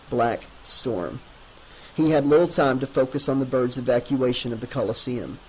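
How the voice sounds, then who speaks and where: A man narrating a horror novel as an audiobook in a measured, dramatic reading. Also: medium pitch, darkish tone, a little hiss or hum, rough recording.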